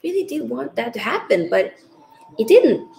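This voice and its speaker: A woman hosting a live football watchalong chats casually with viewers. Her voice sits a little high and has a gravelly, fry-laden edge. She sounds tired after hours of streaming but keeps the talk loose and chatty. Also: normal speed, low-quality recording. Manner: chatty, animated, reads out viewer comments. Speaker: livestream host.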